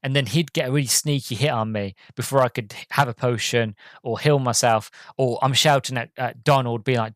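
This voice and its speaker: A podcast host talks through a video game review in a loose, chatty way. His voice is mid-pitched and the recording is close and dry, with no room sound around him. He rambles eagerly, restarting sentences and filling gaps with ums. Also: fairly even intonation, fast, no room sound. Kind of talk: casual solo game review.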